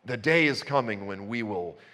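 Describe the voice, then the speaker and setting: A man's voice: fairly low pitch, lively intonation, normal speed, sharp tone. A man preaching a sermon, conversational at first and building to passionate emphasis. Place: church. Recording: long reverb in a church hall.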